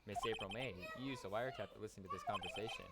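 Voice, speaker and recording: A woman reading the part of an earnest young male defense lawyer in a game, pressing his questions deliberately, with loud game music behind. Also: very deep voice, heavy background noise. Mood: determined.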